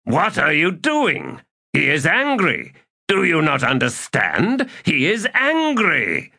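A man voicing a cruel, mocking male figure with a slow, sneering delivery. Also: sits low, sing-song, vocal fry, pushed and bright, heavily acted.

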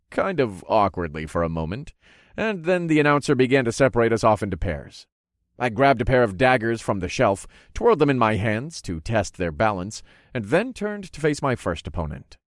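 A man with a lowish voice reads a first-person adventure story, his pitch moving freely as he goes. His telling is easygoing and a little wry. The recording is close and dry, with no room sound. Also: no echo. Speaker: narrator. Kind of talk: first-person audiobook narration.

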